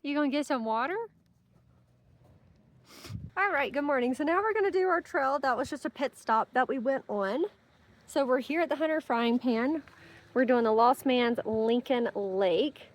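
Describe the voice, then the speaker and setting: A woman's voice: high-pitched, normal speed. A young woman narrating her hiking vlog outdoors on a mountain trail, chatting upbeat to viewers and her dog. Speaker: vlogger.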